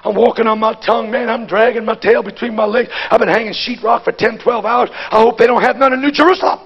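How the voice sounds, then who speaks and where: A man preaching a Pentecostal sermon at a conference. He talks in a folksy, plain-spoken way and swings from hushed asides to shouted exhortation. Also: very high-pitched, steady tone, fast, slightly rough, highs cut off.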